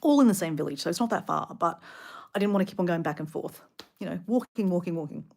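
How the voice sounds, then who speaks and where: A middle-aged Australian woman rambling casually about her day, chatty and animated, full of asides. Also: fairly low pitch, fast, gravelly. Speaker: vlogger. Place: hotel room.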